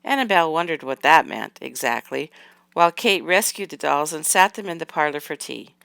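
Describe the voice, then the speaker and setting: A woman reading a children's book aloud in a calm, even narration. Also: low voice, normal speed, creaky, dry recording. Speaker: reader.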